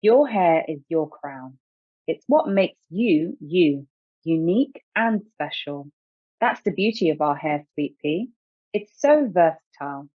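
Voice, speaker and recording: A woman reading a storybook aloud, voicing a gentle, patient mother who speaks softly and sweetly. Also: sits low, expressive, slow, no echo, heavily acted. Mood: tender. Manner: soft, sweet, coaxing. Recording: dry tinny phone-like sound.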